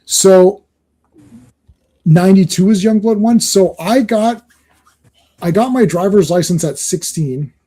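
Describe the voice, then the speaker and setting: Man, middle-aged, stream host, casual rambling chat, fairly high pitch, warm dark tone. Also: a little slow, pauses often. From Canada. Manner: rambling, self-interrupting, chuckling.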